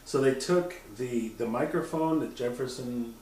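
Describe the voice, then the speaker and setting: A man chatting casually on a podcast, animated and profane, often mimicking voices as he talks. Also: mid-range voice, normal speed, far from the mic. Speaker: podcast co-host. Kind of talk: casual chat. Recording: roomy, off-mic sound.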